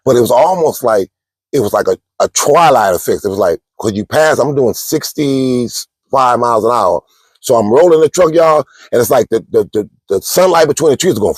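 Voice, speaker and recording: A man's voice: mid-range voice, a little mellow, slightly rough, dry recording. A man, a truck driver giving casual vlog advice, chatty and storytelling, calling his viewers y'all. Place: parked truck at a truck stop.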